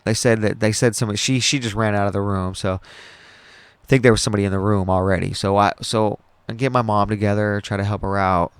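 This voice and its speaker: A young man with a low, gravelly voice talks through a painful memory. He rambles, swears freely and trips over his own words. His voice is smooth and resonant, and the recording is dry and close. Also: fairly even intonation, fairly quick, no room sound. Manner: rambling, profane and emotional, with many restarts. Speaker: podcast host. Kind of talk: casual personal storytelling.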